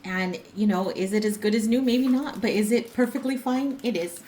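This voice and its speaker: A woman's voice: medium pitch, moderate pace, dark tone. A middle-aged woman hosting a crafting vlog, chatting casually at home in a rambling, storytelling way full of fillers and light laughs. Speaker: crafting vlogger. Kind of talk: casual chat while crafting.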